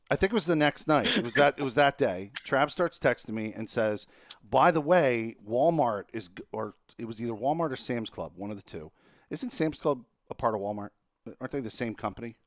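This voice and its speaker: A man's voice: moderate pace, no room sound, studio quality. A young man hosting a gaming podcast, telling a frustrating story with lots of swearing, his voice shooting up when he gets worked up. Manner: profane, animated storytelling, voice jumps high when exasperated. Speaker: podcast host. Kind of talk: casual chat.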